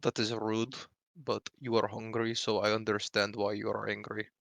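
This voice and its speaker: A man's voice: lowish voice, completely flat delivery, normal speed, creaky, fairly bright tone, dry recording. Man doing a big earnest mountain man. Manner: broken, stilted English. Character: large male mountain dweller, earnest and simple.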